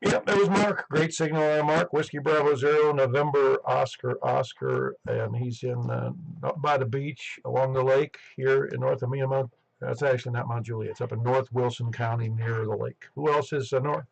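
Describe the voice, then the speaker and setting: A man's voice: medium pitch, moderate pace, creaky, rough recording. A man hosting a ham radio net on a headset, chatting casually and rambling with lots of restarts. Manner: rambling, chatty, self-interrupting.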